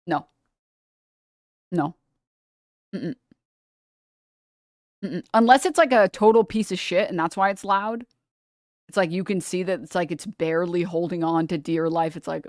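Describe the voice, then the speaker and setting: A young adult woman hosting a livestream, chatting casually and ranting with swearing and quick asides. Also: on the low side, dry recording, clean studio sound. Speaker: livestream host. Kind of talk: casual chat.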